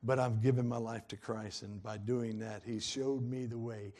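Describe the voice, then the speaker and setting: Guy preaching, folksy and earnest, gets fired up, middle pitch voice. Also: steady tone, moderate pace, a little mellow. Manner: folksy, earnest preaching with rising fervent peaks. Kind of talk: sermon.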